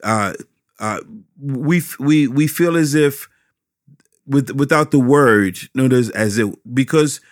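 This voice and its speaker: A middle-aged man, a pastor, answering interview questions about teaching children, with animated, preacherly emphasis and frequent repetitions. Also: medium pitch, slow pace, dry recording, studio quality.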